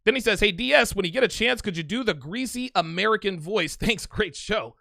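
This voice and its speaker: A man's voice: sits high, lively intonation, fairly quick, creaky, bright, forceful tone, no echo, studio quality. A man hosting a live call-in stream, reading super chats in a brash, emphatic way and repeating himself. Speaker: livestream host reading super chats and taking calls. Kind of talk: casual live show chat.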